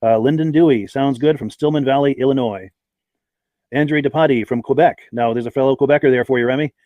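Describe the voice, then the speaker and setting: A man's voice: mid-range voice, fairly quick, no echo, narrow, tinny audio. A man hosting a live podcast, chatting and reading out viewers' names and hometowns. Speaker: podcast host. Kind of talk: live-stream podcast chat.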